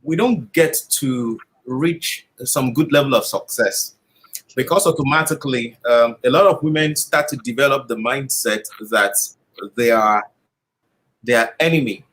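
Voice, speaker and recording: Measured male interview guest. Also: medium pitch, a bit bright, rough recording. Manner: measured, builds points in lists, some restarts. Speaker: interview guest, life coach. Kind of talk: reflective conversational answer.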